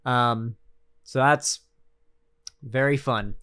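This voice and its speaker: A man's voice: fairly high pitch, animated, normal speed, a bit bright, clear, resonant tone. A man streaming casual political commentary, rambling and sarcastic, with lots of fillers and restarts.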